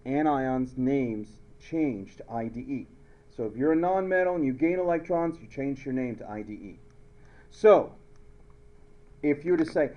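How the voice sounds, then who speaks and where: A man's voice: mid-range voice, animated, normal speed, dull audio. A man teaching a chemistry class, playful, telling stories and repeating his questions. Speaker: high school chemistry teacher. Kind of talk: classroom lecture with jokes.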